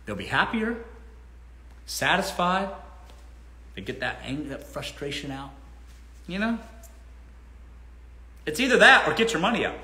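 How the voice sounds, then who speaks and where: A man talks bluntly into his phone on a casual livestream, mocking and laughing as he goes. His voice is bright and a little higher than most men's. The room around him is echoey. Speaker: livestream host answering questions. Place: indoors at home.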